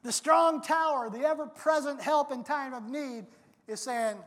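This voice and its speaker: A preacher delivering a sermon in an emphatic way, now and then bursting into loud, dramatic quotes, recorded in a large church sanctuary. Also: sits high, normal speed. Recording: long hall reverb.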